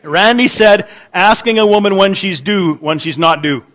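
A man's voice: high-pitched, moderate pace, a bit bright. A man preaching a sermon in church, chatting with the congregation, repeating their answers aloud and often restarting his sentences. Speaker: pastor. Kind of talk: interactive sermon.

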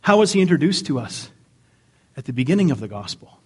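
Male pastor, sermon, animated delivery, higher voice, swings from loud to quiet. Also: fairly quick, breathy edge. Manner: animated, rising to near-yelling then dropping quiet. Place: church sanctuary.

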